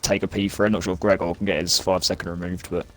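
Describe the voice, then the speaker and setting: Low-voiced man, relaxed race driver. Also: very fast. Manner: relaxed and modest, chatty storytelling. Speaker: racing driver, interview guest. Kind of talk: casual post-race interview.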